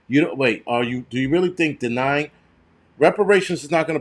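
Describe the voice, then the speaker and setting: A middle-aged man on a live stream with a medium-pitched voice that sits right in the middle for a man. He swears freely and breaks into heated rants. He rambles loosely and often stumbles and restarts his sentences. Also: expressive, brisk. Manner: profane, heated ranting. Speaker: show host.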